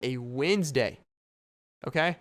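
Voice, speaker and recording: A man's voice: mid-range voice, a little slow, fairly bright tone. A young man hosting a casual solo podcast late at night, rambling, joking and breaking into laughs. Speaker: podcast host. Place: home at night, downstairs apartment.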